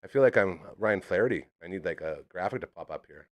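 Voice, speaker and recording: A man's voice: low voice, animated, fast talker. A man hosting a live streamed show, rambling and jokey in casual chat. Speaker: host.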